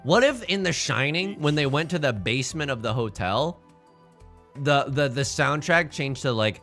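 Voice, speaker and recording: Bright, animated man rambling over game music. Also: fairly high pitch, moderate pace. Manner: rambling, goofy, jokey asides. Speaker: streamer. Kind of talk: casual game commentary.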